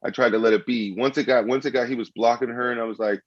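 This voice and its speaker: A man's voice: mid-range voice, steady tone, fast talker, no echo, dull audio. Blunt man comedian, dry sound. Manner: blunt, profane storytelling. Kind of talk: casual podcast chat.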